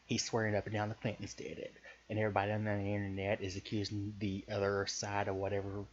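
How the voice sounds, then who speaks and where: A man with a Southern US accent tells a story in a low voice, loose and profane and full of hesitations. The recording sounds a bit muffled, with a faint hiss underneath. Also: completely flat delivery, fast. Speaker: podcaster pitching a story idea. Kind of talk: casual rambling storytelling.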